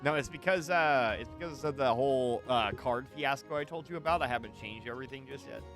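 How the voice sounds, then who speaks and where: A man's voice: medium pitch, a little fast, fairly bright tone, soft background music. A man hosting a game stream, chatting playfully with a co-host and reading chat aloud.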